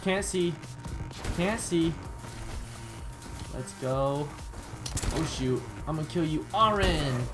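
A man talks over his own gameplay in a chatty, excitable way, jumping from surprise to self-mocking jokes. His voice sits a little high for a man. Steady background music plays clearly under him. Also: slow pace, pauses often. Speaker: gaming YouTuber. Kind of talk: live gameplay commentary.

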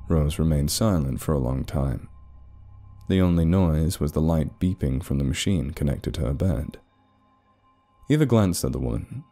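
A deep, mellow male voice tells a dark story. He reads at a measured, dramatic pace. Faint background music plays beneath him. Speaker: narrator. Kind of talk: scripted story narration.

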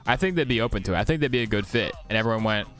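A man streaming a video game, chatting casually and ranting in an animated, jokey way. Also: fairly low pitch, racing, faint music behind. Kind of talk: casual gameplay commentary.

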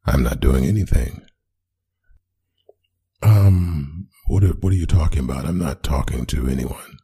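A man with a deep voice performing a one-sided boyfriend role-play audio drama, talking to an unheard partner with soft, drawn-out endearments. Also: gravelly, slightly rough. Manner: talks to an unheard partner, answering her unseen replies.

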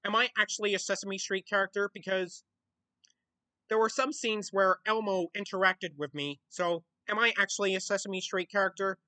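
A man's voice: high voice, steady tone, moderate pace, sharp tone, pitched above the performer's own voice. An Australian man doing an impression of a nervous, wondering male frog puppet, asking anxious questions. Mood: puzzled.

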